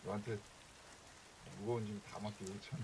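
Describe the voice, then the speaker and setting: An actor playing a weary middle-aged father in a drama, speaking softly and apologetically. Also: fairly low pitch, little pitch movement, rapid-fire, background noise, lightly acted. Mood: apologetic. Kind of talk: drama dialogue. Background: rain and music.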